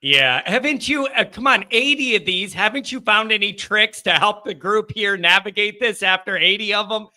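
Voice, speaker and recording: An excitable man hosts a casual call-in sports show. His voice sits high and rings sharp and bright. He banters loosely and keeps the talk moving. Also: normal speed, hardly any pauses. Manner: excitable, reads viewer chat aloud and banters.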